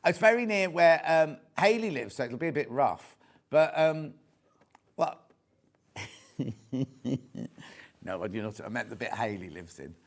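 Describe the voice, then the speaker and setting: A chatty English man hosts a live shopping broadcast from a studio. His voice sits a little high and swings widely as he jokes and reads out viewer messages. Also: very animated, a little slow, pauses often. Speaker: shopping channel presenter. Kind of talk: live home shopping chat.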